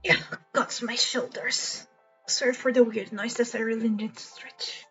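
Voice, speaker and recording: A woman's voice: a little high, fairly even intonation, unhurried, sharp tone, soft background music. A young woman streaming live, chatting earnestly and emotionally with small laughs and many restarts. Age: young adult. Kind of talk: casual live-stream chat. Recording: slightly dull lo-fi stream audio.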